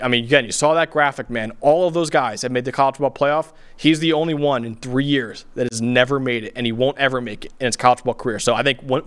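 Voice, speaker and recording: A man's voice: on the high side, a bit bright. A man co-hosting a sports podcast, arguing his points emphatically and repeating them for effect. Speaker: podcast co-host, analyst. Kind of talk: animated sports debate.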